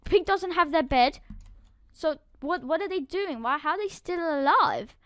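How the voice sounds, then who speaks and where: A woman narrating her game play as she goes, excitable, swinging from quiet muttering to loud outbursts. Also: extremely high pitch, a little slow, no room sound, clean studio sound. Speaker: gaming YouTuber. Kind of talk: live game commentary.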